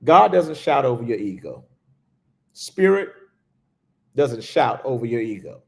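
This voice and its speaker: Slow, gravelly-voiced spiritual teacher. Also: male voice, medium pitch, sing-song. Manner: slow, reflective, with hushed pauses. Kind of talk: livestreamed spiritual talk.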